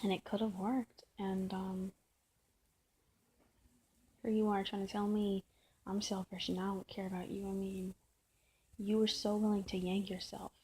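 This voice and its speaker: A woman's voice: mid-range voice, warm tone, husky. A woman talking straight to camera in a personal vlog, venting and often restarting and repeating her words. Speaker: vlogger.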